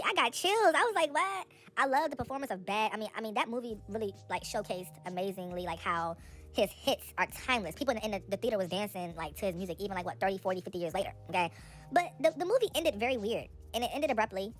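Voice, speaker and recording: A young woman giving casual, sassy entertainment gossip commentary, chatty and animated with quick asides. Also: mid-range voice.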